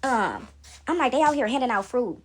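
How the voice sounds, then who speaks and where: A young woman vlogger tells her viewers a story in a chatty, casual way, ending sentences with "right?" and "y'all," clearly shaken by what she's describing. Her voice is fairly high, animated, and breathy-edged, at a moderate pace.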